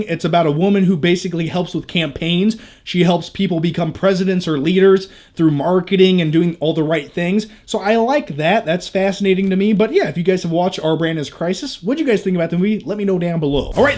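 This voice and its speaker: A man's voice: sits high, a little mellow. A young man chatting casually on a movie review vlog, candid and jokey, with crude asides.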